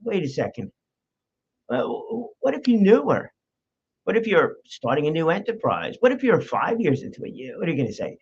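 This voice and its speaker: A man's voice: fairly high pitch, very animated, fairly quick, breathy edge, highs cut off. A man hosting his own podcast, talking playfully with mock radio-voice moments and cutting himself off. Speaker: podcast host. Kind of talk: solo podcast talk.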